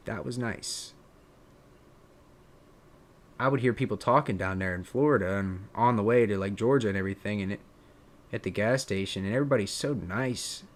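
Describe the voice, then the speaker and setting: Rambling Pennsylvanian man, southern-tinged drawl. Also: fairly low pitch. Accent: Pennsylvania, with a drawn-out southern drawl. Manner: rambling and musing, many fillers and restarts. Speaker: streamer and content creator. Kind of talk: casual live-stream chat.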